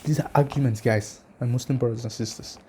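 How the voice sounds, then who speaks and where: Mellow-voiced man arguing emphatically. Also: medium pitch, steady tone, fairly quick, a little hiss or hum. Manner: emphatic, challenging, rhetorical questions; addresses viewers directly, asks for comments. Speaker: religious channel host. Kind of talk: casual argumentative lecture to camera.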